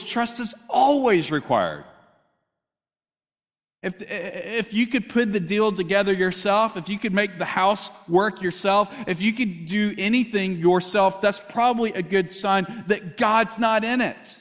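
A pastor delivers a sermon in a chatty, conversational way, often turning to ask the congregation questions. His voice sits high for a man, and a long reverb from a large hall trails behind every phrase. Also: a little slow, a bit bright. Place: church hall.

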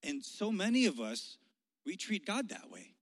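A male youth pastor telling a story in a sermon, animated and conversational, often restarting his sentences. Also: high-pitched, unhurried, in a large hall.

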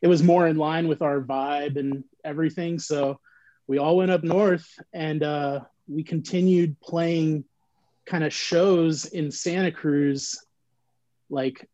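A man's voice: fairly high pitch, fairly even intonation, takes it slowly, warm tone, muffled recording. A man reminiscing in casual chat, rambling in a laid-back way with lots of "like.". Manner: laid-back rambling storytelling, heavy use of "like". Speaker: band member recalling band history.

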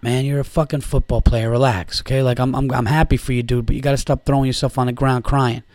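A man's voice: mid-range voice, flat delivery, fast talker, few pauses, darkish tone, no room sound. A man hosting a podcast, ranting about sports in a sarcastic, profane way. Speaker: podcast host. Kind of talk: casual sports rant.

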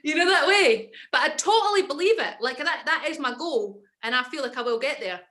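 A woman's voice: high voice, expressive, a little fast, bright, forceful tone. A young Scottish woman, an actress and comedian, chatting as a podcast guest and telling stories with confident enthusiasm. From Scotland. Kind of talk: casual podcast chat.

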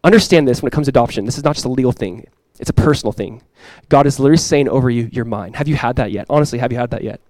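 A young adult man preaching a sermon as pastor, earnest and repeating key phrases, often dropping to a soft, intimate tone. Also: mid-range voice, racing, no echo, low-quality recording.

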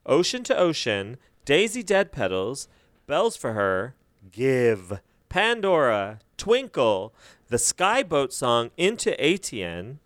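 Male podcast co-host, playful and teasing, mid-pitched, dry close sound. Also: huge pitch swings, slow, a bit bright, dry recording. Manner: playful, reads a set list aloud. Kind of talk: casual chat.

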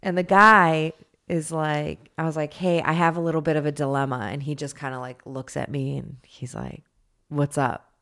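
Low-voiced woman telling a rambling story. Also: fairly even intonation, normal speed, a bit bright. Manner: rambling, self-deprecating storyteller. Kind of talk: casual storytelling chat.

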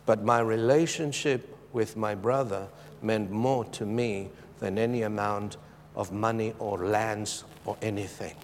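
A middle-aged man preaching a sermon with a personal testimony, emphatic and moving between loud urgency and hushed tones. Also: mid-range voice. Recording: long reverb of a large hall.

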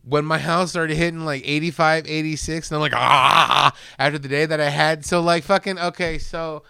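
A man co-hosting a podcast, telling a story in a casual, animated way with swearing and loud cartoonish voices. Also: a little high, a little fast, gravelly, clear, resonant tone, no echo, clean studio sound. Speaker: podcast co-host. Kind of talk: casual chat.

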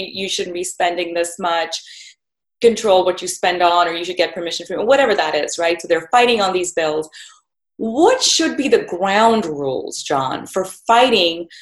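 A woman's voice: medium pitch, reverberant, rough recording. A woman hosting an interview, framing long questions and searching for words as she goes. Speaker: host.

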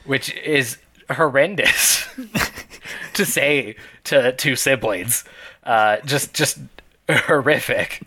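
Podcast co-host, male, mid pitch, loose wry recap chat. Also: drawn-out words, bright, forceful tone, slightly rough. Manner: laughing, wry, rambling. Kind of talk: casual movie recap chat.

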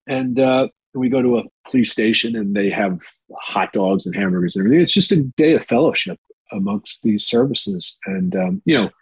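A man's voice: fairly low pitch, a little mellow, slightly rough, no room sound, rough recording. A man telling candid, rambling anecdotes in a casual interview, profane and full of fillers, on a close mic. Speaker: actor and guest.

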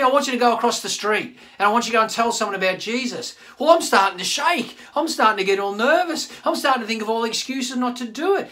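A man, a pastor giving a chatty online sermon and talking straight to his listeners. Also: sits high. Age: 50s. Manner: chatty, animated, addresses listeners directly.

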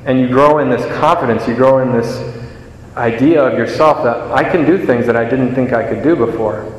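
A man's voice: medium pitch, slight background noise. A young man giving a homily in a chatty, self-deprecating storytelling manner. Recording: echoey church with long reverb.

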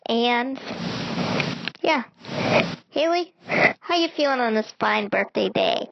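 A woman's voice: on the high side, lively intonation, slow, gravelly, muffled recording, heavy background noise. A middle-aged woman hosting a casual travel vlog, chatting in a rambling way with many ums. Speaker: vlog host.

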